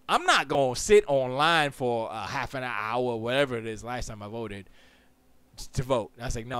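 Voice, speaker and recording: Animated, rambling man on a podcast. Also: mid-range voice, dry recording. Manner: animated, rambling, jokey, quick asides. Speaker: podcast host. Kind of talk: casual solo podcast chat. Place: Florida. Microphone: close studio mic.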